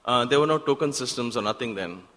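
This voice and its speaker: A man, telling a personal story in a talk at a devotional center and acting out the exchanges in sudden loud bursts. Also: mid-range voice, expressive, quick pace. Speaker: guest speaker at a spiritual center. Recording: long hall reverb.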